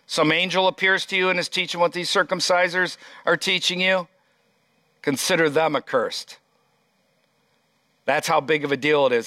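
A man's voice: fairly high pitch, sharp tone, no echo. A pastor preaching a sermon, reading scripture aloud and stressing his points emphatically.

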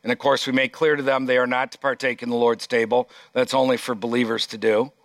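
A man's voice: mid-range voice, level tone, fast talker, dry recording. A pastor preaching a sermon, reading scripture aloud and stressing his points emphatically.

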